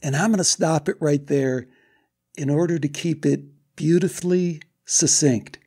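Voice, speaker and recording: A man's voice: a little high, unhurried, darkish tone, slightly rough. A man with a Chicago accent hosting a podcast, talking earnestly and with enthusiasm about spiritual seeking. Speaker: podcast host. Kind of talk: casual interview chat.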